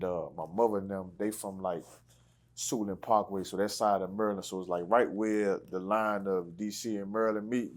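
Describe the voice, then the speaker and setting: Deep-voiced man from the D.C. area. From Washington, D.C. area. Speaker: podcast guest. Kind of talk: casual interview chat.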